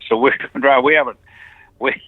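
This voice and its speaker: Over a tinny phone line, an older Texas musician tells his story in a casual interview, his mid-range voice steady and fairly quick with no echo. He rambles, chuckles, and restarts as he talks.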